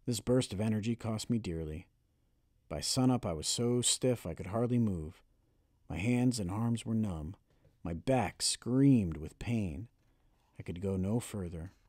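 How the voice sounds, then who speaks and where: A man narrating a first-person audiobook with steady, expressive storytelling. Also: lowish voice, a little slow, no echo, studio quality.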